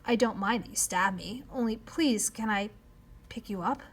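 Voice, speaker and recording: A woman voicing an eager young boy who talks quickly and pleads in a higher voice. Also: lightly acted.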